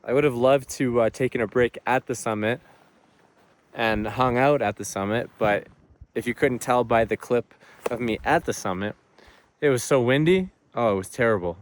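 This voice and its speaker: A man's voice: mid-range voice, steady tone, moderate pace. Young man chatting upbeat on a trail. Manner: chatty, upbeat, rambling with fillers. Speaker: hiking vlogger. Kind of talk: casual vlog talk to camera. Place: outdoors on a mountain trail.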